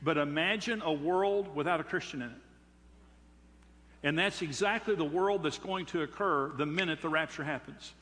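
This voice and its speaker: An older man, preaching to his congregation in an emphatic, preacherly way that leans on rhetorical questions. His voice is bright and forceful and rides a little high. A long reverb of a large hall trails behind every phrase. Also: moderate pace. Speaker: pastor. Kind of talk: sermon.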